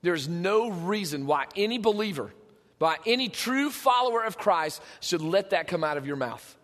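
A man preaching a sermon in a conversational, animated way, with joking asides to his congregation. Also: high-pitched, normal speed, in a large hall. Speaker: pastor. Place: church sanctuary.

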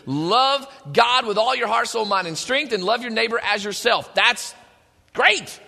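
High, bright-voiced pastor man preaching. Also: a little slow, creaky. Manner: animated, rhetorical, talks straight to the congregation. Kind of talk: sermon. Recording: long hall reverb.

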